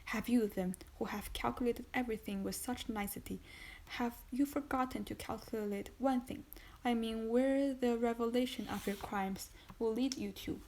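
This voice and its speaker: A woman's voice: fairly high pitch, normal speed, slight background noise, close to an everyday voice, rough recording. A woman reading a cold, contemptuous male magistrate. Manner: calm, contemptuous and relentless. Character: cold, stern male magistrate accusing his wife. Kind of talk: audiobook reading.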